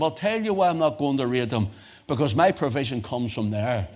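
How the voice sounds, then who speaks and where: This British-accented preacher moves at a moderate pace, animated throughout. His sermon climbs from soft, low reflection into loud, high exhortation.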